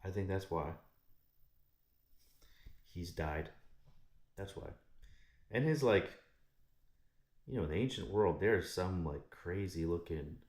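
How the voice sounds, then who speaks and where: Male host, deep voice, swears constantly, rambles through a story with lots of asides. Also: darkish tone. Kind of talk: casual profane storytelling. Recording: echoey room.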